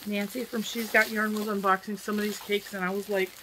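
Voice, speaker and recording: Background noise sits behind this brisk, flat-sounding woman with a mid-range voice. She's a US crochet YouTuber in her forties, unboxing yarn gifts for viewers in a chatty, emotional way, laughing a lot.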